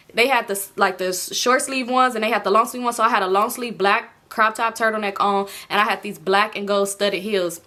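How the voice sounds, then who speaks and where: A young American woman telling a storytime on her vlog, chatty and animated, swearing freely. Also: on the high side. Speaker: vlogger. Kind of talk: casual storytime.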